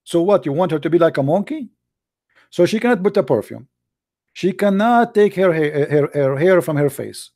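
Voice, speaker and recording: A man's voice: a little high, lively intonation, moderate pace, a little mellow, no echo, studio quality. Combative man in a heated debate. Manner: combative, sarcastic, broken English with repeated restarts. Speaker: debate show host.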